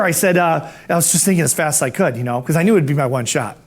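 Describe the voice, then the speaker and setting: A man who is a professional speaker, telling a personal story in an animated way and acting out the dialogue. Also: a little high, racing. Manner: animated, acts out dialogue, self-amused.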